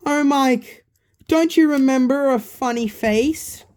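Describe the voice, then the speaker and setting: A ghostly animatronic boy speaks up eagerly and insistently, as a woman puts him on. The voice sits higher and louder than a plain speaking voice, yet stays mellow and unhurried. He is loyal and pleading, a little brother in a toy's body.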